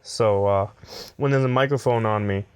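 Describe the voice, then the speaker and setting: A man's voice: lowish voice, normal speed, clear, resonant tone, dry recording, studio quality. A man in his twenties co-hosting a casual podcast, rambling and joking at his own expense. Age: 20s. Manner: rambling, jokey, self-deprecating. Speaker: podcast co-host. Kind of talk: casual chat.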